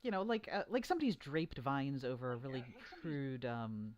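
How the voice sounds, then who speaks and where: A dungeon master narrating a tabletop game live, talking in a halting way with many fillers and restarts. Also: medium pitch, sing-song, a little mellow, lo-fi sound.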